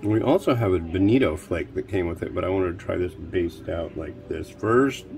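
A man's voice: deep voice, lively intonation, moderate pace, creaky, darkish tone. A man hosting a cooking show, chatting casually in a rambling, wry, offhand way. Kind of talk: casual chat while cooking. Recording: music playing underneath.

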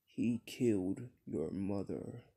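A man voicing a stern young warrior who lays out hard truths in a flat, deliberate way, in a fan-made story. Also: on the low side, husky, full character voice.

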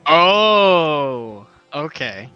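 A man's voice: fairly high pitch, sing-song, very slow, bright, forceful tone, smooth, lo-fi sound, soft background music. A man co-hosting a casual let's-play, reading game dialogue aloud and chatting with a friend, laughing often. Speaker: gaming video co-host.

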